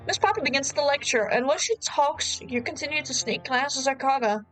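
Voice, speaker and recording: High-voiced woman streamer narrating a game. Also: expressive, fairly quick, hardly any pauses, fairly bright tone, soft background music, low-quality recording. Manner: wry, amused asides. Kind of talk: reading a dating sim aloud with commentary.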